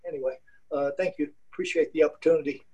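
An older man sharing his experience with a group, halting and full of restarts, with homespun turns of phrase. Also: fairly high pitch, fairly even intonation, warm tone, breathy edge, poor audio. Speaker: class participant.

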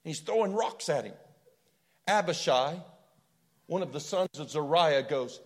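A man's voice: on the high side, animated, unhurried, pauses often. A man preaching a sermon with impassioned storytelling and rhetorical questions.

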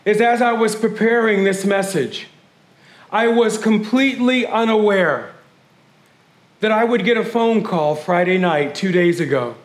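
Male pastor, very high voice, heartfelt sermon in an echoey sanctuary. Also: measured pace. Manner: emotional, moves from grief-hushed to shouting praise; addresses congregation as family. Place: church sanctuary.

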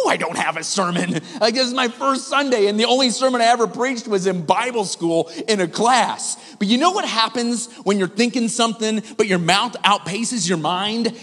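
High-voiced pastor preaching in an echoing hall. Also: male voice. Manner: animated, conversational, asks the congregation questions. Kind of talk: sermon with storytelling. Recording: hall reverb.

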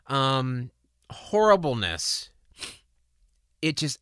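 Bright-voiced man telling an earnest story. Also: on the high side, no room sound, clean studio sound. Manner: earnest, emotional, halting. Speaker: podcast host. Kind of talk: personal storytelling on a podcast.

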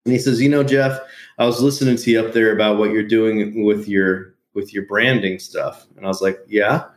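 A man being interviewed about his business, telling lively stories, acting out quotes and laughing often. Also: on the low side, moderate pace. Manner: animated storyteller, laughs often, acts out quotes. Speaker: podcast guest, entrepreneur. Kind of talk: casual interview storytelling. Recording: roomy echo.

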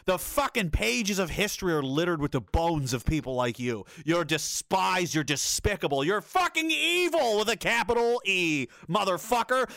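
A man with a slightly high voice delivers a heated, profane rant while reacting to news clips. His tone is sarcastic and fed up. The sound is dry and close, with no room echo. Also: big pitch swings, normal speed, creaky, hardly any pauses, a bit bright. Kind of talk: ranting video commentary.

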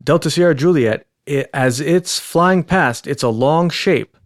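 A man reading a pilot's radio calls from a transcript in a measured, plain way. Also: on the high side, no echo, studio quality, natural voice. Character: calm adult male pilot on the radio.

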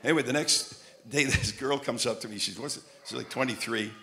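A man preaching a sermon, telling lively stories and repeating phrases like a chant. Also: mid-range voice, brisk, vocal fry. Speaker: traveling preacher. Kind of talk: sermon with storytelling.

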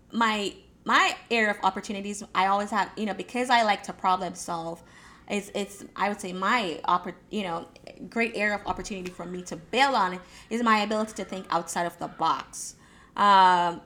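Speaking in a sharp-toned, mid-range voice, a woman from Jamaica loosely coaches her audience on goals and budgets in a casual motivational talk. She addresses listeners directly and encouragingly, though she often restarts, doubles up words, and fills gaps with "um" and "you know."

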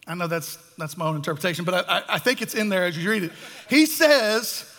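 High, bright-voiced man preaching. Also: quick pace. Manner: animated, acts out voices of biblical figures. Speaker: pastor. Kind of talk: sermon. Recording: echoey hall.

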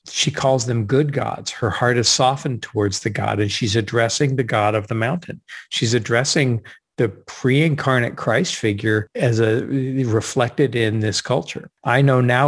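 A man, a guest author and speaker, in an enthusiastic literary discussion, stressing his points and slowing down to read quotations with weight. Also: lowish voice, husky.

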